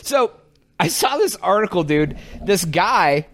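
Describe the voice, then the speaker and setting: A man's voice: high-pitched, big pitch swings, takes it slowly, slight background noise. A man co-hosting a casual comedy podcast, telling a story loosely with frequent laughs and restarts. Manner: laughs often, tells stories loosely with restarts. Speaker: podcast co-host. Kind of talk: casual chat.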